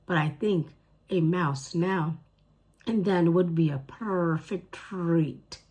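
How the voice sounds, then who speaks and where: A woman voicing a sly, cruel cat who has taken a girl's body, speaking slowly with purring menace. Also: on the low side, a little mellow, slightly rough. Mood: smug. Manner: slow, drawn-out purring menace.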